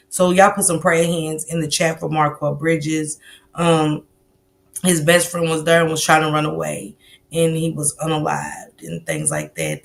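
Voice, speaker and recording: A woman's voice: deep voice, gravelly, fairly bright tone. A woman hosting a casual livestream, talking loosely at her computer mic and greeting chat viewers by name between sentences. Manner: loose and conversational, with fillers and asides. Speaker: livestream host.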